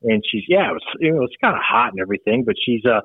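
A man's voice: medium pitch, expressive, very fast, husky, dry recording, narrow, tinny audio. Older man, folksy joke teller, chuckles through his stories, dry close sound. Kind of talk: casual storytelling.

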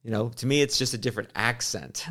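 A man's voice: mid-range voice, fast talker, a bit bright. A man in his forties co-hosting a podcast, talking in a rambling way, cutting himself off mid-sentence and laughing easily. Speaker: podcast co-host. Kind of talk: casual chat.

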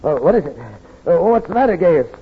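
A man's voice: high voice, expressive, fast, slightly rough, full character voice. A man playing a skeptical, blustering Roman soldier in a 1950s radio drama, grumbling with hesitant uhs. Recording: dull old radio broadcast.

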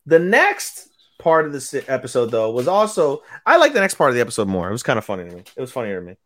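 A podcast co-host casually recaps an anime episode in a fast, slightly bright, medium-pitched voice whose pitch swoops wildly. He acts out the characters' lines with sudden vocal jumps, and there's no echo.

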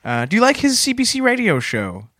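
A man co-hosting a comedy podcast in earnest, mild banter with a quick chuckle. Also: very high voice, huge pitch swings, fairly bright tone, no room sound, studio quality. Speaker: podcast co-host.

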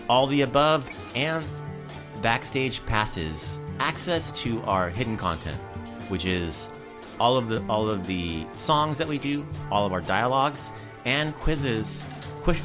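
A man hosting a language podcast, chatting casually with jokes and plugging the show. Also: medium pitch. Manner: upbeat, jokey, rambling plugs. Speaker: podcast host.

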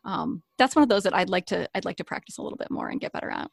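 A woman chatting in an interview about her work as a story coach and podcaster, talking in a lively, playful way and laughing often. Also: mid-range voice, very fast, creaky, no echo, clean studio sound. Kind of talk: casual interview chat.

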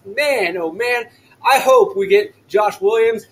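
A man hosting a fantasy sports podcast alone, loud and excitable, often shouting. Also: high-pitched, takes it slowly, low-quality recording. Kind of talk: solo podcast talk.

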